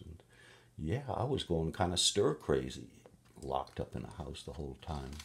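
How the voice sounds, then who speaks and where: A man's voice: a bass voice, lively intonation, slow, creaky, long pauses. A man reading a picture book aloud to a child, playful, with gasps and little sung sound effects.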